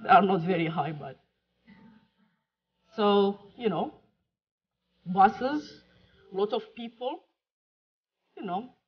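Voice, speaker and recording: A woman's voice: medium pitch, husky. A woman from Morocco with a French-tinged accent, giving a chatty, joking keynote talk over slides, with some fillers. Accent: Moroccan French-accented English. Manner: chatty, jokey, pauses with fillers. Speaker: keynote speaker. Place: lecture hall. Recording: muffled lo-fi talk recording.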